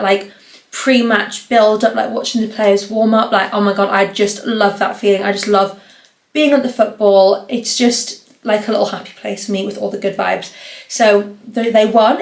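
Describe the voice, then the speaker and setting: A young woman from the North East of England, hosting her podcast in a rambling, chatty way with lots of fillers. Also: medium pitch. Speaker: podcast host. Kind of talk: casual solo podcast chat. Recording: roomy echo.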